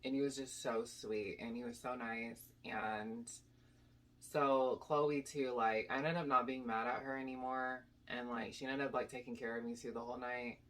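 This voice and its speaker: A young woman telling a casual storytime to her channel, animated and rambling with lots of "like" and "basically". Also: very deep voice, normal speed. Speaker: YouTube storyteller.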